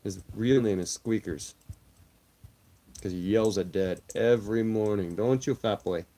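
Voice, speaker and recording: A man's voice: on the low side, unhurried, mellow. A man in his thirties from Canada, streaming live, chatting casually, swearing bluntly and cooing at his cat in a raised voice.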